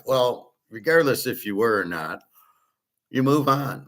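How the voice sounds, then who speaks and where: A middle-aged man hosts his own show, speaking in a lowish, fairly bright voice at an unhurried pace. His casual monologue rambles and digresses, packed with restarts and filler words.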